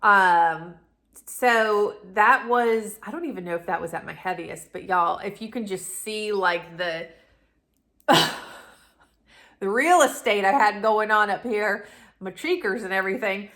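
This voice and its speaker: A woman's voice: medium pitch, unhurried, fairly bright tone. A woman, telling a personal story to camera in a chatty, rambling way. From Southern United States. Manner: chatty, rambling, addresses viewers as y'all. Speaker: vlogger, channel host.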